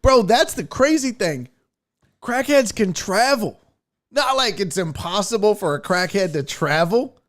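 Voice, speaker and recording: A man from the Houston area, hosting a casual live-stream chat and telling stories loudly with frequent laughter. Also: high-pitched, unhurried. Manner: loud, laughing, animated storyteller. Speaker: host.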